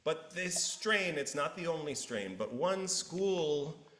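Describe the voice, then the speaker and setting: A male pastor preaching a sermon, an animated storyteller who acts out the characters. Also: on the high side, slow. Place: church sanctuary. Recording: roomy church echo.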